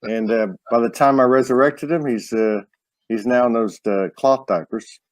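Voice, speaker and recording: A man hosting a live online show in a relaxed, teasing way, often stumbling and restarting his sentences. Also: medium pitch, moderate pace, dry recording. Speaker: show host. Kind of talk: casual live-stream hosting.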